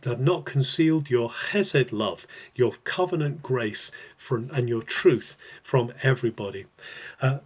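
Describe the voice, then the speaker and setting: A man giving an earnest devotional Bible teaching, explaining a passage in an unscripted, conversational way. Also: medium pitch.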